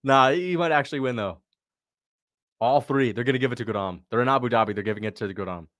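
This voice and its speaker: A chatty young man hosts a livestream, reacting to fights with loose, casual commentary, laughing easily and reading out donations. His voice sits in the mid-range and is a bit bright, captured in a dry, studio-quality recording.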